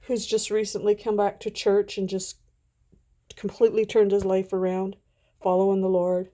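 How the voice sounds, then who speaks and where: A woman's voice: mid-range voice, flat delivery, normal speed, dark tone. A middle-aged woman chatting casually at home in a rambling, sentimental vlog. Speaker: vlogger. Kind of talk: casual chat.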